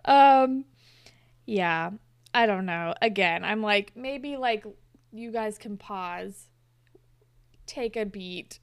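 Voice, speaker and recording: A woman's voice: a little high, gravelly, a bit bright, clean tone, no echo, studio quality. A young woman co-hosting a casual chat, retelling a show's scenes and acting out the characters' lines. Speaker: podcast co-host recapping a TV episode.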